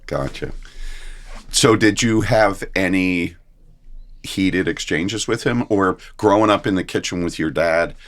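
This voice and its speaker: A man's voice: deep voice, a little slow. A man hosting a casual interview podcast, asking questions with short reactions and easy laughter. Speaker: podcast host.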